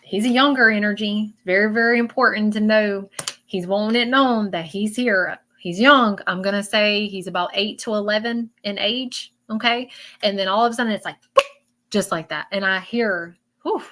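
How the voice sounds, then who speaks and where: A woman's voice: mid-range voice, moderate pace, fairly bright tone. A woman doing a live psychic reading, emotional and repetitive, calling her viewers y'all. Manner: emotional, repeats phrases, addresses viewers as y'all. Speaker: psychic medium.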